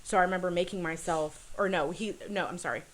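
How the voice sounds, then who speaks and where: A woman telling a personal story as a podcast guest, earnest and halting, with many fillers and restarts. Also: on the low side, steady tone, low-quality recording. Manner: earnest, confessional.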